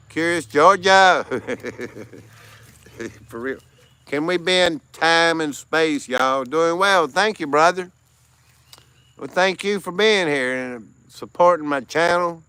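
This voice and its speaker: A man's voice: on the high side, bright, forceful tone, clear, resonant tone. A tired American man hosting a casual livestream, greeting chat viewers by name and laughing often. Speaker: livestream host.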